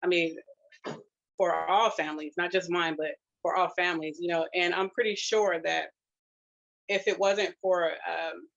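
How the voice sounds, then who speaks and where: Woman, grandmother, emotional, close to tears, halting speech, muffled call audio. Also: fairly low pitch, fairly even intonation, vocal fry, fairly bright tone. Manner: halting, with many fillers and restarts. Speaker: grandmother sharing her family's experience. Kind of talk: personal testimonial.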